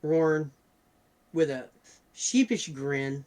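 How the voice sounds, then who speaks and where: Slow, higher-voiced man player. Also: expressive, darkish tone. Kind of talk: casual table chat.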